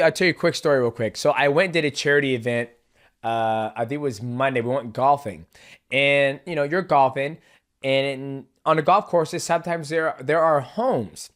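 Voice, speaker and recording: A brash podcast host with a slightly high-pitched male voice who swears freely and tells stories with energy. He shifts quickly between laid-back chat and fired-up retelling. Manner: brash, profane, animated storyteller. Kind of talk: casual chat.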